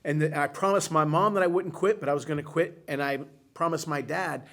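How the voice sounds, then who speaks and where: A man's voice: fairly high pitch, steady tone, brisk, a bit bright. Heartfelt rambling storyteller, a man. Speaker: co-host. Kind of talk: emotional storytelling.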